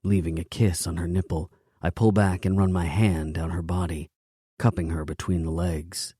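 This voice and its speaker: Deep, dark-voiced male audiobook narrator. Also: fairly even intonation, moderate pace, slightly rough, no echo, clean studio sound. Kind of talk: scripted romance audiobook narration.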